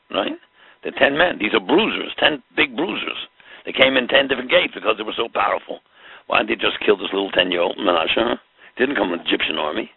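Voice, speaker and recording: A man's voice: lowish voice, vocal fry, husky, no echo. A man teaching a Torah class, explaining with rhetorical questions and mixing in Hebrew terms. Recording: tinny phone-like line.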